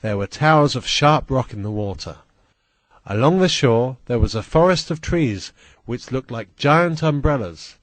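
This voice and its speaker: Slow deliberate male story reader. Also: mid-range voice, lively intonation, no room sound. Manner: slow, deliberate, plain reading. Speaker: audiobook reader. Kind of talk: first-person story narration.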